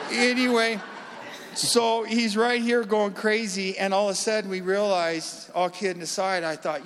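A man with a high voice tells a church testimony with animated energy, acting out voices as he goes. His voice rings in a reverberant hall. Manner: animated storytelling, acts out voices. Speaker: guest giving testimony.

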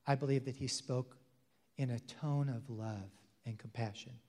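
A male pastor preaching a sermon with emphasis, swinging between loud declarations and hushed, intimate passages. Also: medium pitch, fairly even intonation, measured pace. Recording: long hall reverb.

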